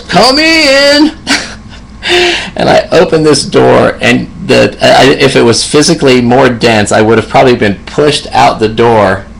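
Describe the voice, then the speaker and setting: A man's voice: medium pitch, gravelly, rough recording. A man in his fifties, a hospice nurse, telling a personal story in a reflective way and laughing often. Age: 50s.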